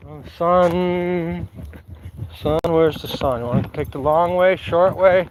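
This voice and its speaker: A man's voice: a little high, fairly even intonation, slow pace, a little hiss or hum, rough recording. A man casually chatting on a livestream while walking his dogs outdoors, rambling and talking to the dogs. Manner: rambling, talks to his dogs, breaks into song. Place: outdoors on a trail.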